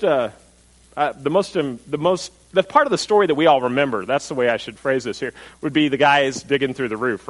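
Guy pastor preaching, kinda high voice, chatty, keeps asking the crowd stuff and doing little voices for people. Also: rough recording. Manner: animated storytelling, acts out crowd voices; conversational, asks the audience questions. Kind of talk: sermon.

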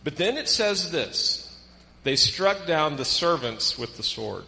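A man preaching a sermon as pastor, reading scripture aloud with animated emphasis. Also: on the high side, slow, vocal fry, big-room sound, poor audio.

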